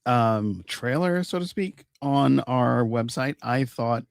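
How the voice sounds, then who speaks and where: A man co-hosts a podcast, easygoing and quick to laugh as he greets listeners. His pitch moves around a lot. The sound is close and dry. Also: expressive, gravelly, smooth, no room sound. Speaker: podcast co-host. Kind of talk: casual podcast chat.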